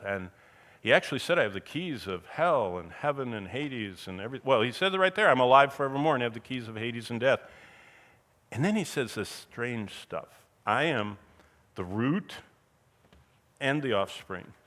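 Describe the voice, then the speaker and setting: A man giving a Bible teaching in sermon style, asking rhetorical questions and swinging between loud bursts and quiet asides. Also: medium pitch.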